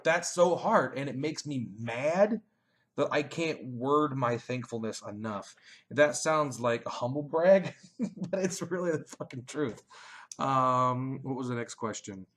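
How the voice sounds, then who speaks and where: A young man runs a loose question-and-answer chat as a page admin. He swears constantly and his voice jumps from low mumbles to loud outbursts. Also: unhurried. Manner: crude, animated, swings between mumbling and shouting. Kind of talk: casual profane Q&A chat.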